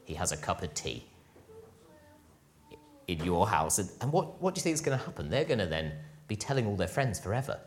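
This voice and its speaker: Animated male preacher, lively delivery. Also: fairly low pitch, brisk, long pauses, slight background noise. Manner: animated, swinging from loud emphasis to quiet. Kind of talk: sermon.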